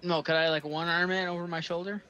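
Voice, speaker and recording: A man's voice: fairly high pitch, flat delivery, fast talker, sharp tone, muffled recording. A man playing in a tabletop game, playful and eager. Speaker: player. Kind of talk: casual table talk in a game.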